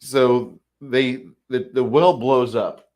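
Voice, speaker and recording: A man's voice: medium pitch, steady tone, slow pace, darkish tone. A man co-hosting a podcast, chatting casually about a film, repeating words and acting out lines. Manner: rambling, repeats words, acts out quotes. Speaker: podcast co-host. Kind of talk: casual movie chat.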